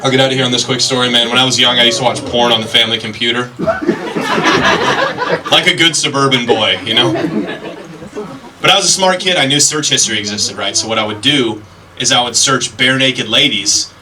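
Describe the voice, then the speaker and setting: A man's voice: medium pitch, brisk, long pauses, background noise. Self-deprecating male stand-up comic. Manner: chatty, storytelling, self-deprecating. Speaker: stand-up comedian. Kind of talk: stand-up comedy set. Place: comedy club stage. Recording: stage mic from a distance, crowd laughter.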